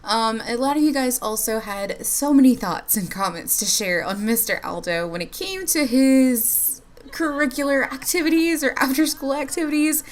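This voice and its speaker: A woman's voice: sits high, expressive, moderate pace. A woman giving chatty, bubbly commentary over a life-sim game, laughing often as she talks to her viewers. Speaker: life-sim gameplay YouTuber. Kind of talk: casual gameplay commentary.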